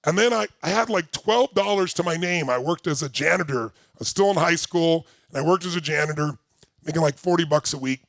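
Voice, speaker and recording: An older man giving a workshop talk to a live audience, telling a personal story with lots of energy and shouting out repeated phrases. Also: on the high side, fairly quick, vocal fry, no room sound. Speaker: motivational speaker.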